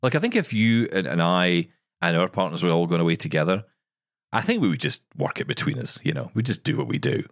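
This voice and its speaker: A man with a very deep voice chats casually as a podcast co-host. He tells stories and drops jokey asides. The sound is dry and close. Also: sing-song, brisk, no room sound. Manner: chatty, storytelling, jokey asides. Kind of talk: casual chat.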